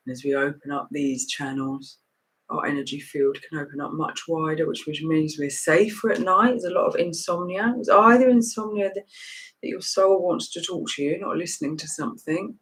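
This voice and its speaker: A woman's voice: low voice, moderate pace, a bit bright, poor audio. A woman guides listeners through stretches and held breaths in an easygoing, unscripted way. Her instructions wander and restart, moving from topic to topic before coming back to the next breath. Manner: loose, rambling instruction with frequent restarts. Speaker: meditation and breathing teacher.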